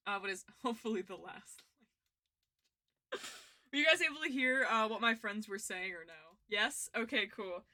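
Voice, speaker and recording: Giggly young woman streamer, bright voice. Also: mid-range voice, moderate pace, long pauses. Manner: giggly, rambling, self-interrupting. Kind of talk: casual livestream chat.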